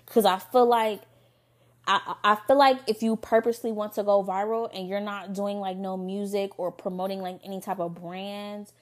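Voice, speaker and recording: A young woman hosting a podcast, telling a dating story in a candid, profane, casual way with quick asides. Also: medium pitch, level tone. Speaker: podcast host.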